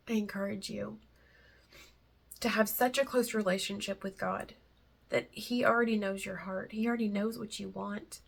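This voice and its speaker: Woman, faith vlogger, gravelly voice, husky tone, earnest, chatty and rambling. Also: medium pitch. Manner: earnest and heartfelt, close to tears at times; chatty and rambling between thoughts. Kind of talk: casual faith talk to camera.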